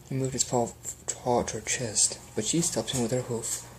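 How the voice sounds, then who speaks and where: A man's voice: mid-range voice, little pitch movement, moderate pace, a little hiss or hum. A man earnestly reading fan fiction aloud as an amateur audiobook, with small slips.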